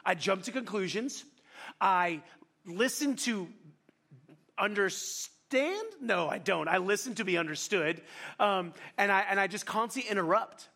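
Middle-aged man preaching, high-pitched, quick and animated, self-deprecating storyteller. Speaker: pastor. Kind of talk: sermon.

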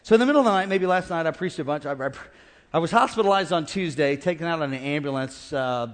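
A middle-aged man preaching a sermon as pastor, animated and calling out to his congregation. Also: on the high side, fast talker. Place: large church auditorium. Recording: reverberant church hall.

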